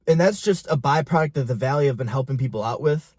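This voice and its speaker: A man's voice: mid-range voice, fast talker, a little mellow, no echo, studio quality. A young man, a fitness and business coach, talking straight to camera in an intense, profane, pushy motivational style.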